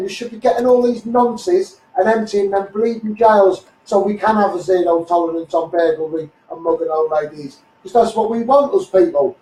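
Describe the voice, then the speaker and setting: Scouse man, blunt and combative live-stream rant, high-pitched voice, roomy sound from a distance. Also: dark tone. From Liverpool, England. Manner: blunt, combative, repeats "you know what I mean". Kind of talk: ranting live stream monologue.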